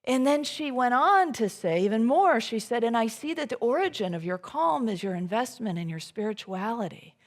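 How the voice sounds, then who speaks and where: A woman giving a conversational sermon at a church service. She talks in a relaxed, chatty way with many fillers and restarts, and acts out her own inner thoughts in quotes. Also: on the high side, moderate pace, hardly any pauses. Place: church sanctuary.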